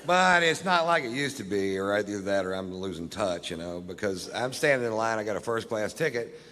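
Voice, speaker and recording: Low-voiced man telling stand-up stories. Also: lively intonation, fairly quick, pushed and bright. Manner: profane, laughs at his own lines. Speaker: stand-up comedian. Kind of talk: stand-up storytelling. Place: live comedy stage. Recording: reverberant live stage with faint background noise.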